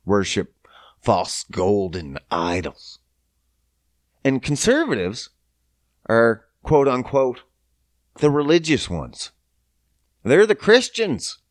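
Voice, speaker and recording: A Canadian man hosts a podcast, ranting casually in a profane, incredulous and sarcastic way. His medium-pitched voice swoops wildly, and he speaks slowly with long pauses. The podcast-mic recording is studio quality with no room sound.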